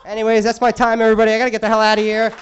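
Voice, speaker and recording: A man's voice: high-pitched, completely flat delivery, rapid-fire, clear, resonant tone, lo-fi sound. A male stand-up comedian on a club stage, ranting crudely and sarcastically through an exasperated set.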